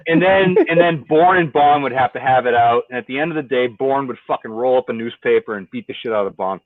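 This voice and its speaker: A man co-hosting a casual podcast chat, telling stories in a profane, animated way over a remote call. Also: medium pitch, fast talker, dry recording. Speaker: podcast co-host. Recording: tinny phone-like call audio.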